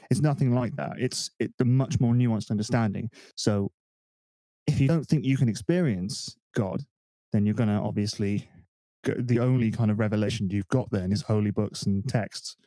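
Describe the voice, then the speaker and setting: A man co-hosts a casual podcast over a remote call, explaining ideas at length and thinking aloud with fillers. His lowish voice has a warm tone and a moderate pace. He's on a desk microphone, and there's no echo.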